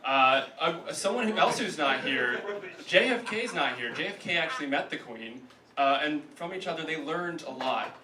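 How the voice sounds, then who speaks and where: A male emcee introduces roasters with quick jokes. His voice is fairly high and sounds far from the mic. A crowd is loud in the echoey club. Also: lively intonation. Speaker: roast host. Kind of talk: live comedy emcee. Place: comedy club stage with audience.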